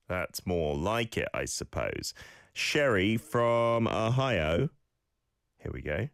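A man's voice: lowish voice, very animated, slow pace, a bit bright, smooth, no echo, clean studio sound. A male host who teaches phrases and gives playful, teasing feedback on listener clips, with exaggerated example intonation. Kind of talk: casual radio-style teaching.

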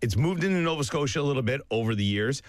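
A man's voice: mid-range voice, fast talker, no room sound. A man from Canada with a New Brunswick accent, chatting casually and laughing often. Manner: animated, laughs often, speaks in rambling bursts. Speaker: English teacher. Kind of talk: casual chat.

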